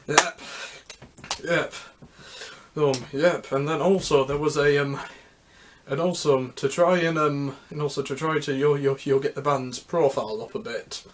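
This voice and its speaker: A man hosting a music history video, talking casually and unscripted, rambling and halting with many restarts. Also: a little high, fairly even intonation, slight background noise.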